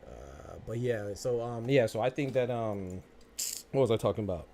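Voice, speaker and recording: A man's voice: fairly low pitch, expressive, normal speed, creaky, warm tone. A man hosting a live-stream podcast and answering his chat. He talks in combative rebuttals, with stammering restarts and lots of repetition. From United States. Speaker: podcast host.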